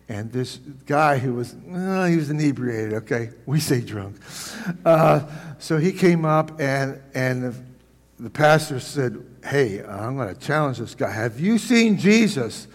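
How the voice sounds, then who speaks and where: A man preaching a sermon, telling folksy stories with lively, animated delivery. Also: mid-range voice. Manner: folksy, animated storytelling with restarts. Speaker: pastor. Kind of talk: sermon with storytelling. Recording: long hall reverb.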